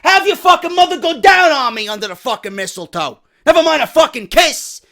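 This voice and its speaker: A man in his thirties with a New York accent and a hoarse voice, telling a story as a profane, angry rant with loud bursts. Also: extremely high pitch, animated, fairly quick. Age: 30s. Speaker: wrestling podcast host.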